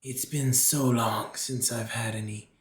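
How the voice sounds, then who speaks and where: A man voicing a hungry unseen cave creature in a low, growly whisper. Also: fairly even intonation, unhurried, echoey room, close to an everyday voice. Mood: menacing.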